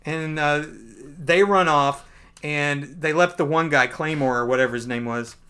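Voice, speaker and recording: A man's voice: fairly high pitch, steady tone, measured pace, pushed and bright, clean tone. Male podcast co-host, casual and rambling, laughs through a comic recap. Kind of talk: casual comic book review chat.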